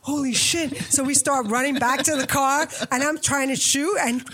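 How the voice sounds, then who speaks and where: Animated New York woman telling stories. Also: sits high, normal speed. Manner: animated, acts out quoted dialogue. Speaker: photographer guest. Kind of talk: casual interview storytelling.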